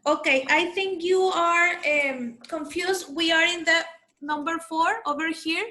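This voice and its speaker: Bright high-voiced teacher on a video call. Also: female voice, unhurried. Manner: patient, coaches pronunciation and calls on pupils. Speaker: English teacher. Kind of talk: online class for children.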